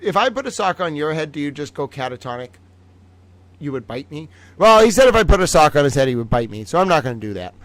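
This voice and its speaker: Giggly high-voiced man hosting a stream. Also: sing-song, fast, a bit bright, dry recording. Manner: giggly, laughs often between phrases; playful, chatty, talks to his stuffed toys. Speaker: livestream host running a trivia game. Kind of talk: casual live-stream chat.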